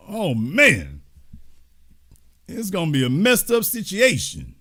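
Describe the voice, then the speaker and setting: Animated man hosting a live stream. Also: high voice, takes it slowly, long pauses, slightly rough. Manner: animated, mocking, slips into mimicked voices. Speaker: host of a live stream show. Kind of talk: casual live-stream commentary.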